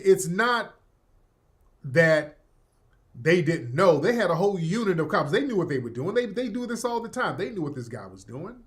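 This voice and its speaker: Animated man ranting in slangy street talk. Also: fairly high pitch. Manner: animated, slangy, emphatic with sudden loud outbursts. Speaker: political commentary streamer. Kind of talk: casual political commentary.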